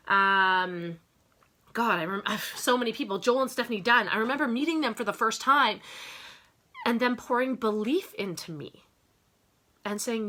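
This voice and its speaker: Woman, motivational speaker, bright forceful voice, fairly high pitch, emphatic, repetitive, talks to "you guys". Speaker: network marketing business owner. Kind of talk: motivational talk.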